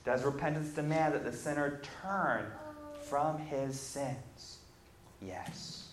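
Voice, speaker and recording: A man preaching a Bible lesson, reading scripture aloud and then explaining it, building emphatic lists and pausing on fillers as he thinks. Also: a little high, background noise. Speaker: preacher teaching on repentance. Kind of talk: Bible class sermon. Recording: echoey room.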